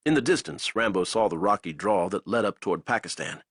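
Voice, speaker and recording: A male narrator reads an action novel aloud with a husky voice. His pitch moves a lot as he builds each scene. The recording is dry, with no room sound. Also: animated, fairly quick, a bit bright, dry recording. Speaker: audiobook narrator. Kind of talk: dramatic audiobook narration.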